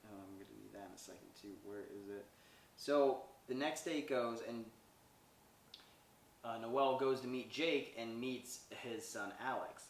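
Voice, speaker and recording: A man's voice: medium pitch, measured pace, distant mic, a little hiss or hum. A man hosting a podcast, recapping a movie in a rambling, chatty way and acting out the characters' lines. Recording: roomy sound from away from the mic.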